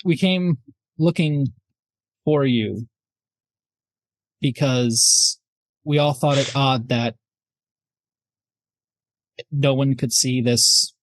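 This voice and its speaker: A tabletop player voicing a male investigator who talks calmly and reassuringly in long run-on sentences. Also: medium pitch, no room sound. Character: adult man investigator, calm and placating.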